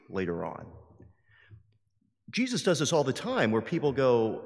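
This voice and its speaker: Priest giving a homily, emphatic and animated, mid-range voice, long echoing church hall. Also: male voice, mid-range voice, measured pace, long pauses. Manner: lively, emphatic, acts out quoted voices. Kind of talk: sermon. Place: large church. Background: long hall reverb.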